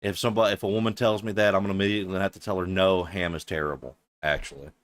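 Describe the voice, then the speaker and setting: Low-voiced sarcastic male streamer. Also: fairly even intonation, rapid-fire, no room sound. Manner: incredulous, sarcastic, swearing. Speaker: streamer reacting to a clip. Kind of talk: mocking reaction commentary.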